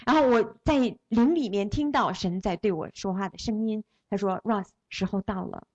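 A woman's voice: medium pitch, normal speed, darkish tone, highs cut off. A woman interpreting a sermon phrase by phrase, following the preacher closely with small restarts.

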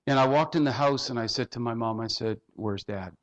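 Man, pastor, sermon storytelling, heartfelt, mid-pitched voice, dull lo-fi recording. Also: brisk. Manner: heartfelt, dropping to soft tones in quotes.

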